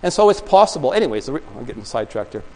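Very animated and rapid-fire, a pastor with a mellow, medium-pitched voice preaches in a small church. His sermon wanders through stories with frequent restarts, heard on a low-quality recording.

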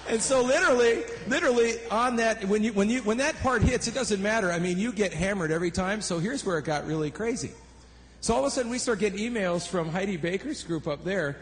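A man telling a lively testimony story to a church audience, acting out the voices of people in it. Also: high voice, fast. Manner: animated, acts out voices in his story. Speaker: worship leader and music producer. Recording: live hall reverb, faint room noise.

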